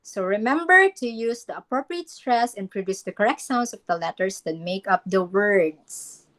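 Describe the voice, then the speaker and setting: A woman's voice: medium pitch, expressive, moderate pace, a bit bright. A woman teaching a class, instructing students on reading a poem aloud, modeling pronunciation and calling on students by name. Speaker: English teacher.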